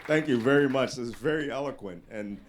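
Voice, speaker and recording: Man, guest speaker, casual anecdotes, mid-range voice, lively delivery, live audience talk. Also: mid-range voice, fairly quick, some chatter behind. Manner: animated storyteller, voices quoted people loudly.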